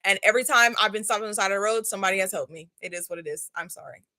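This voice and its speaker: A young woman in her twenties telling a casual, slangy storytime while doing a face mask, animated and laughing often. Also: medium pitch, rapid-fire. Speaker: vlogger.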